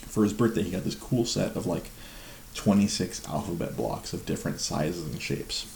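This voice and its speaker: A man's voice: sits low, moderate pace, creaky, darkish tone. A man hosting a live show, chatting casually, rambling with frequent laughs and stammered repeats. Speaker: livestream show host. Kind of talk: casual chat. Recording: roomy echo with faint noise.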